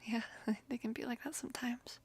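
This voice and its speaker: A woman of about twenty in a whispered role-play, gently soothing and reassuring as a caring best friend, close to the microphone. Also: fairly high pitch, steady tone, normal speed, gravelly, slightly rough.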